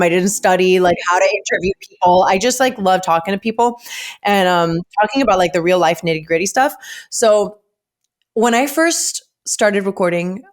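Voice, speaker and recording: A woman hosting a podcast, talking casually and emphatically with lots of "like". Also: mid-range voice. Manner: chatty, emphatic, heavy use of "like". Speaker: podcast host. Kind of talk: casual podcast chat and ad read.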